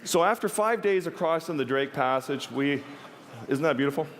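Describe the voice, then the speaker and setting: A man's voice: on the high side, lively intonation, normal speed, slight background noise. A man giving a stage talk, telling a personal story in an earnest, vivid way with wry humor. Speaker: wildlife photographer giving a talk. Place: stage in a large hall. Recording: long reverb of a large hall.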